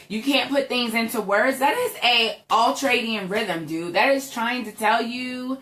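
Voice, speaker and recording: A woman's voice: a little high, measured pace, hardly any pauses, a bit bright, roomy sound. A young woman giving a chatty motivational talk to her viewers, emphatic and repeating "right?" constantly. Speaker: entrepreneur vlogger.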